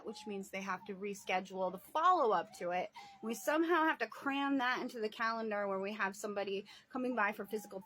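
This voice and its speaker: A woman's voice: mid-range voice, a bit bright, a little hiss or hum. A woman caring for her parents, talking in a rambling casual video diary, laughing often and sighing. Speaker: vlogger and family caretaker.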